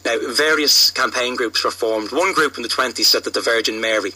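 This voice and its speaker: A man's voice: medium pitch, pushed and bright, low-quality recording. A man telling stories as an author guest in a radio interview, with lots of restarts. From Ireland. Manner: fast storytelling with frequent restarts.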